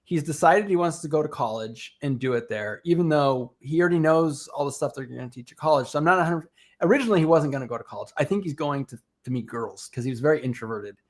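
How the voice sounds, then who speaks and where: A middle-aged man chatting as a podcast guest, telling lively stories and laughing often. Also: fairly high pitch, quick pace. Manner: animated storytelling, laughs often. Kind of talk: casual chat.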